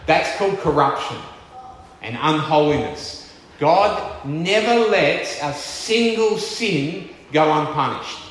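A man preaching a sermon with earnest, emphatic delivery, slowing down to stress key words. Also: on the high side, lively intonation, a bit bright, a little hiss or hum. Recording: echoey church hall with long reverb.

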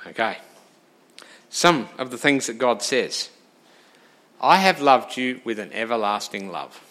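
A man preaching a sermon, lively and direct, asking the congregation questions and moving between loud emphasis and quiet asides. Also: mid-range voice, a little slow. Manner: animated, talks straight to the congregation with questions.

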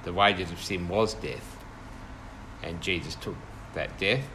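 A man with a fairly low voice leads a small group through a Bible study. He talks in a thoughtful, halting way, full of fillers and restarts, and a soft hiss sits under the recording. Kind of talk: informal Bible study teaching.

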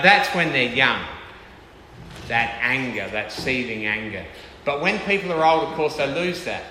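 A man's voice: mid-range voice, bright, forceful tone, a little hiss or hum. A man preaching a sermon in a conversational way, often checking in with his listeners. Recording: echoey hall with faint ambience.

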